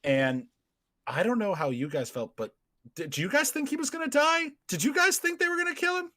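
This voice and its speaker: A man hosting a casual podcast chat, excitable and quick to laugh. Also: very high-pitched. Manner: excitable, laughs often, shouts quoted lines. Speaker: podcast host.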